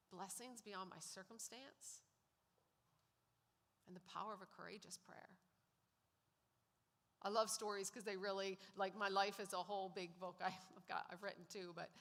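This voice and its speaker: Woman, bright voice, church testimony in a reverberant hall, acts out the quotes. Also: mid-range voice. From Canada. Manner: storytelling, acts out quoted lines. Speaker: guest speaker sharing testimony. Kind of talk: personal testimony in a church service. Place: church sanctuary.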